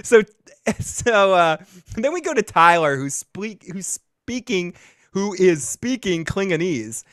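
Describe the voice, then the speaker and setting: A man's voice: sits high, very animated, slow pace, fairly bright tone, no echo, clean studio sound. Jokey man hosting a casual recap show. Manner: jokey, crude, laughs at his own jokes. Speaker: podcast host.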